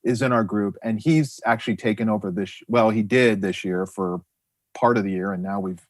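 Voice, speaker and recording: A middle-aged man chatting on a podcast as a guest, telling stories in an animated, rambling way with many restarts. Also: fairly low pitch, normal speed, no room sound. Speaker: guest author and illustrator. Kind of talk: casual podcast chat.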